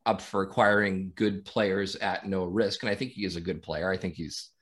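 A man on a casual sports podcast, giving his views haltingly and repeating words as he thinks. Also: sits low, steady tone, a bit bright. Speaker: podcast co-host.

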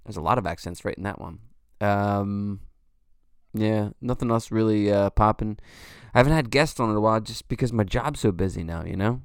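A man's voice: lowish voice, moderate pace, clean tone, dry recording, clean studio sound. A man in his forties hosting a podcast alone, talking in a loose, rambling way, swearing freely and saying "you know" a lot. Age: 40s. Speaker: podcast host. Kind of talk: casual solo monologue.

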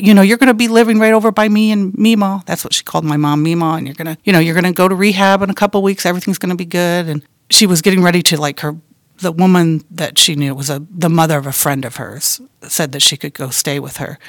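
Soft-spoken middle-aged mother, dry close sound. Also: sits low, no room sound. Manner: soft, halting, trails off quietly. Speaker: guest, bereaved mother. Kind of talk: emotional interview storytelling.

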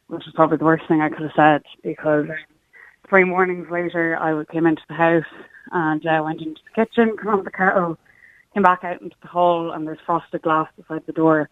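A woman's voice: low-pitched, fairly even intonation, brisk, no room sound. A young woman from Sligo with an Irish accent, a radio guest telling a personal story in an earnest, matter-of-fact way. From Ireland, Sligo. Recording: tinny phone line.

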